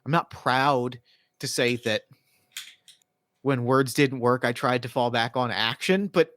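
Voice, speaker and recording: A man narrating and playing in a tabletop role-playing game, animated and cursing in frustration. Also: mid-range voice, unhurried, slight background noise. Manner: animated, swearing, laughing. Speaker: player or game master.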